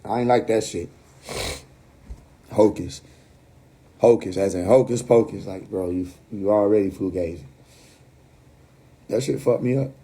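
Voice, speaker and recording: Blunt, profane New York man, husky voice. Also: lowish voice, measured pace, pauses often, warm tone. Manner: blunt, profane, laughing asides. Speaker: livestream host. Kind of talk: casual livestream rant.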